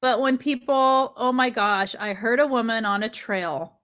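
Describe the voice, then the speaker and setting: Woman guest, fairly high voice, animated storyteller, laughs easily. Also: measured pace. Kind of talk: casual chat.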